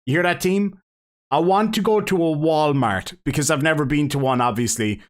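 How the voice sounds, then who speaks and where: A man from Ireland with a Cork accent, hosting a live stream, reading donation messages in a rambling, jokey, excitable way. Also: a little high, normal speed. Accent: Cork Irish.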